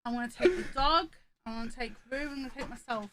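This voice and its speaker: A woman's voice: high-pitched, quick pace, a bit bright, a little hiss or hum. An English woman teasing and mock-scolding her partner from across the room, picked up off-mic. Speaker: streamer's partner. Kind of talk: casual teasing banter.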